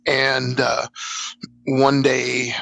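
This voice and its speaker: A man's voice: mid-range voice, monotone, extremely slow, vocal fry, fairly bright tone, a little hiss or hum, poor audio. A middle-aged man from South Texas, an author guest telling stories about his writing in a casual, rambling, self-deprecating way with frequent laughs. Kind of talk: casual conversational storytelling.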